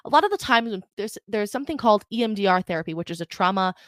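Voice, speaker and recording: A woman's voice: medium pitch, expressive, very fast, a bit bright, no echo. A woman hosting her own podcast in a chatty, emphatic style, often breaking off and restarting her thoughts, speaking close to a podcast mic. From Ireland. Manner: chatty, emphatic, self-interrupting. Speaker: podcast host. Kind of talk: casual solo podcast talk with reading aloud.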